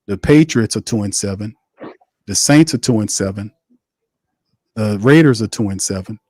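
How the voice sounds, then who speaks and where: A man's voice: fairly low pitch, normal speed, darkish tone, husky, no room sound. A man hosting a live sports watch party, ranting bluntly and heatedly with slang and cursing. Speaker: host.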